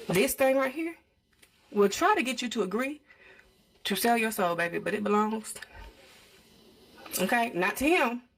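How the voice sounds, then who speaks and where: Young woman, casual storyteller, animated delivery, acts out the dialogue. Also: on the high side. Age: young adult. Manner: animated, acts out quoted speech. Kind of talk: casual storytime recounting a dream.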